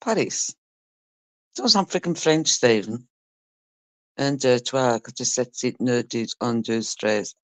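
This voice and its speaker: With a bass voice, lively intonation and a slow pace broken by long pauses, a woman livestreams a casual chat with her audience. She reads comments and teases viewers with laughter and the odd swear word, with no room sound.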